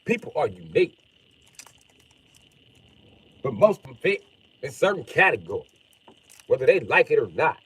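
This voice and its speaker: A man's voice: medium pitch, very animated, normal speed, pauses often, fairly bright tone, breathy edge. A man ranting casually and profanely on a livestream, reacting to his chat. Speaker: live streamer.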